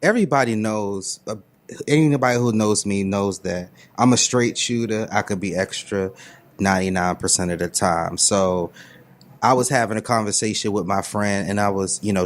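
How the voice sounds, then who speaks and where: Casting: deep-voiced male podcast co-host, measured, reflective, casual. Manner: thoughtful, speaks in measured steps with many "you know"s. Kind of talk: casual chat.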